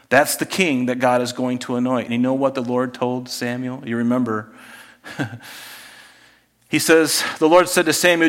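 A man preaching a sermon as pastor, conversational, dropping to hushed asides and rising to emphatic points. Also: mid-range voice, normal speed. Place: church sanctuary. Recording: long hall reverb.

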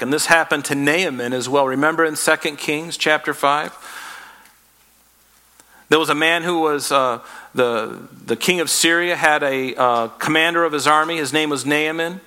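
A man preaching a sermon, retelling Bible stories in lively, casual speech and briefly acting out the characters. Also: on the high side. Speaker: pastor.

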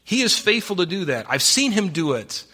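A man preaching a conversational verse-by-verse sermon as a pastor, full of rhetorical questions and dropping into soft, low asides. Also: big pitch swings, normal speed, slightly rough. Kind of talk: sermon, verse-by-verse Bible teaching.

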